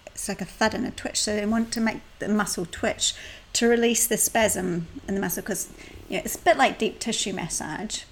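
A woman's voice: medium pitch, normal speed, hardly any pauses, slight background noise. A middle-aged woman co-hosting a podcast, telling stories in a chatty way and laughing often. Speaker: podcast co-host and salon business coach. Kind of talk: casual podcast chat.

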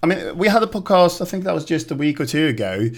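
A man co-hosting a podcast, speaking in a measured way and thinking aloud with restarts. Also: fairly high pitch, big pitch swings. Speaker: podcast co-host. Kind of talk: casual chat.

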